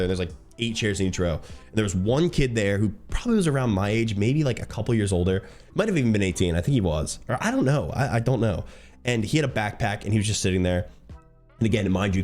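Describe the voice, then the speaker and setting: A man with a low voice tells a story at a rapid clip. He is a streamer, and he talks casually and at length, rambling as he goes. Faint music plays behind him. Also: darkish tone. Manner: talkative and rambling.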